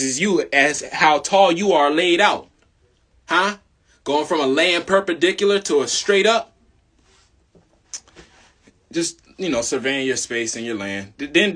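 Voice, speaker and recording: A young man in a casual, slangy monologue, preaching about spirit and law, swinging between loud bursts and low mutters. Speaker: video host.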